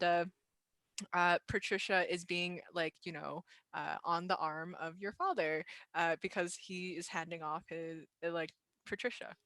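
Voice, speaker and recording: A woman's voice: fairly low pitch, fairly bright tone, dry recording. A woman narrating a tabletop role-play game as game master, loosely, with plenty of "you know" and "like".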